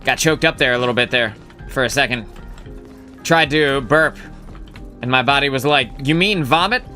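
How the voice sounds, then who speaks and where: A man streams a game live, rambling casually as he thinks aloud and occasionally swears. His medium-pitched voice is bright and forceful at a moderate pace, with soft background music.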